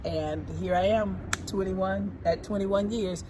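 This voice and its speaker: A woman in her forties, talking casually and warmly about her husband, emphatic and repeating her points. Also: medium pitch, fairly even intonation, slow, background noise. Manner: emphatic and repetitive, often repeating phrases. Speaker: co-host, singer. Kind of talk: casual heartfelt talk.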